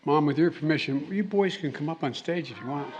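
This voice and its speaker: A man speaking at a formal reception, halting and restarting, with joking asides to the audience. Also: fairly high pitch, heavy background noise. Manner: halting, with repeated words and trailing restarts; jokey asides to the crowd. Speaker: president giving a speech. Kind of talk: formal speech with off-the-cuff asides. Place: formal reception hall, indoors.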